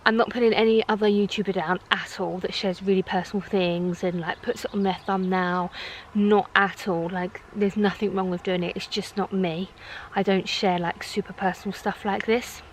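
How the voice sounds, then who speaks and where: A young woman, chatting casually in a vlog, gushing and excitable at times, quieter and subdued at others. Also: mid-range voice, moderate pace, a little hiss or hum, poor audio. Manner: gushing, breathy and excitable, then hushed and subdued. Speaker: vlogger.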